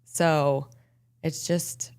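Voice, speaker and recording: Smooth-voiced young woman guest. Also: low voice, level tone, very slow, darkish tone. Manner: earnest, uses like and you know. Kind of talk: casual interview chat.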